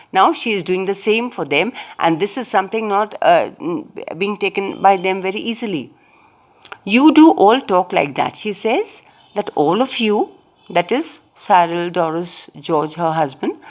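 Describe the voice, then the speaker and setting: A teacher talks through a play for her class. She goes slowly and patiently, repeating each line and putting it into plainer words. Her voice sits at an ordinary middle pitch for a woman. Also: animated. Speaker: English teacher.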